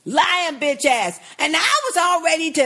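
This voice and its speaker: A woman's voice: high-pitched, normal speed. A woman co-hosting a podcast, recapping a TV episode in casual chat, blunt and profane. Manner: blunt, profane, animated and emphatic. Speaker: podcast co-host.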